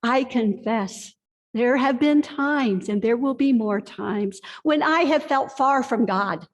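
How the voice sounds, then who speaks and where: A woman pastor giving a sermon, telling a personal story with earnest, confessional warmth. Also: on the high side, slow. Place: church sanctuary. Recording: long reverb of a church hall.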